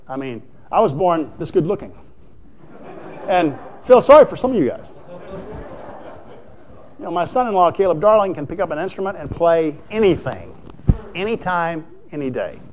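High-voiced folksy preacher, a man. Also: a little mellow, slight background noise. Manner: folksy, conversational, rhetorical questions. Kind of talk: sermon.

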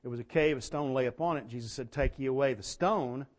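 A fast-talking man with a medium-pitched voice preaches a sermon full of folksy stories, swinging between quiet asides and loud, emphatic bursts.

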